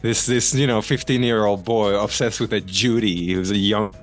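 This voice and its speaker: A man's voice: lowish voice, fairly even intonation, moderate pace, soft background music. A man chatting casually as a podcast guest, blunt and jokey, swearing freely. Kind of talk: casual chat.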